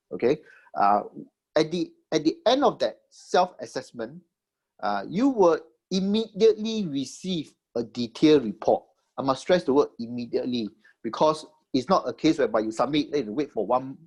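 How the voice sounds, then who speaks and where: A man's voice: mid-range voice, a little mellow, husky. A man with a Singaporean English accent gives a webinar slide presentation for a government agency. He explains each step and checks in with "okay?", with many fillers and repeated words.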